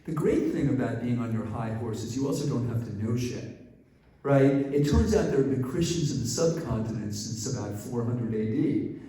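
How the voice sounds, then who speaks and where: A man's voice: mid-range voice, normal speed, warm tone. A male professor giving a conversational storytelling lecture, often checking in with "right?", recorded from a distance in a large hall. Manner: conversational, frequent "right?" asides. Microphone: distant mic. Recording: echoey hall from a distance, faint ambience.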